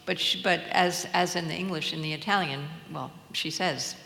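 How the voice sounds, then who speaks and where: A woman's voice: lowish voice, normal speed, vocal fry, sharp tone. An older woman answering questions on stage as a translator guest, hesitant, with many fillers and restarts. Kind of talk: onstage Q&A conversation. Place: lecture hall at a public event. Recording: echoey hall with faint ambience.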